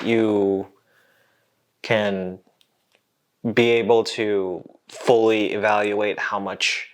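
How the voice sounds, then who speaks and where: A man's voice: lowish voice, a bit bright. A man hosting an educational science vlog, explaining in a casual, jokey way with asides to the viewer. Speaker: host.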